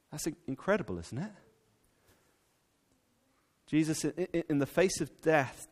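A man preaching a sermon in an animated way, stumbling over restarts and fillers as he goes. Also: mid-range voice. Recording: long reverb from a large hall.

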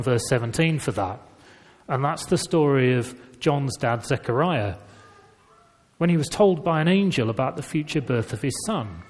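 A man preaching a sermon in a conversational, storytelling way. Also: on the high side. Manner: conversational storytelling with lively emphasis. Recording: reverberant church hall.

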